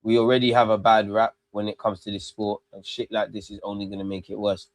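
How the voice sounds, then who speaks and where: A man hosting a live football watch-along, ranting excitably and swearing freely into a close mic. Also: on the low side, a little fast, no echo.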